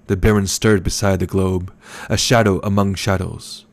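A man narrating an audiobook in a calm, measured, even way. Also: deep voice.

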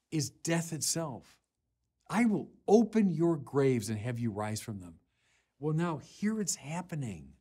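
A man, a bishop, preaching a Sunday sermon in earnest, deliberate phrases with pauses, rising in force when he quotes scripture. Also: mid-range voice, sing-song, darkish tone, husky. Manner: slow, deliberate delivery with pauses.

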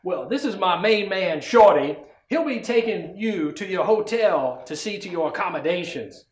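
A man's voice: sits high, animated, normal speed, roomy sound. A man playing a domineering outlaw boss who gives orders in a commanding way. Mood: bossy. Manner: bossy, commanding.

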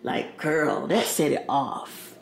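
In a deep voice touched with vocal fry, a woman takes her time as she chats casually to her viewers from her home kitchen. The talk is rambling and slangy, peppered with "y'all" and "girl," and the echoey recording picks up background noise.

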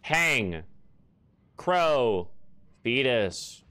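Male streamer, casual profane gameplay commentary into a desk mic, mid pitch. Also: sing-song, very slow, bright, forceful tone, clean tone. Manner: profane, jokey, talks to chat. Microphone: desk microphone.

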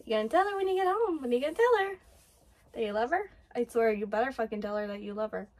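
High-voiced gushing woman reacting. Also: fast talker. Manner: gushing, excitable, swears freely. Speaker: anime reaction host. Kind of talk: live reaction commentary.

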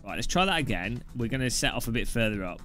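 A man's voice: medium pitch, big pitch swings, fast talker, a bit bright. A man casually chatting and joking while live-streaming a game, swearing now and then. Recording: clear background music. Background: background music.

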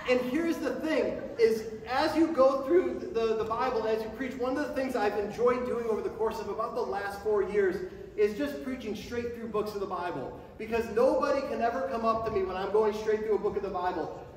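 Man, pastor preaching a sermon, quickens when passionate, very echoey church, distant mic, long reverb. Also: a little mellow, slight background noise. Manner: speeds up and rises in pitch when passionate. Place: church sanctuary before a congregation. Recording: echoey hall from far off.

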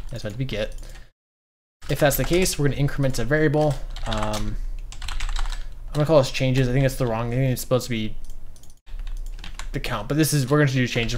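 Relaxed man thinking aloud while coding. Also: medium pitch, slight background noise. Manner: relaxed, many ums and uhs, thinks aloud. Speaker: coding streamer. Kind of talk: casual coding walkthrough.

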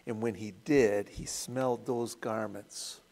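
A man's voice: on the low side, steady tone, gravelly, a little mellow. A man leading a church Bible study, retelling the story in a conversational way and asking the group questions. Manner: unhurried, conversational storytelling with acted quotes.

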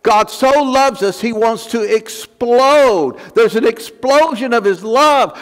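A man's voice: very high voice, slow pace, few pauses. A male pastor preaching a fervent sermon, building emphasis through repeated phrases. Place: church sanctuary. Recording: long church hall reverb.

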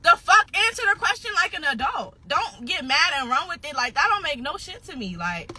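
A woman's voice: sits high, sing-song, a little fast, pushed and bright, a little hiss or hum. A nineteen-year-old woman venting on a livestream, upset and defensive, swearing heavily and repeating herself, close to tears at times. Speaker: social media personality.

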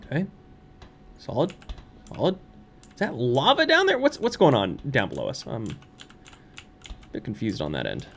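A man's voice: medium pitch, wildly swooping pitch, measured pace, creaky, long pauses, a bit bright, slight background noise. A young man playing a horror game on his channel, muttering nervously to himself and breaking into squeals and laughs. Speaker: let's play streamer. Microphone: studio microphone.

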